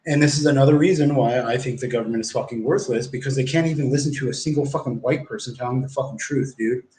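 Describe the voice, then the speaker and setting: Man, mid-pitch, rambling foul-mouthed livestream storyteller, roomy echo. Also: fast, mellow. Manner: rambling, profane, acts out quoted exchanges. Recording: echoey room.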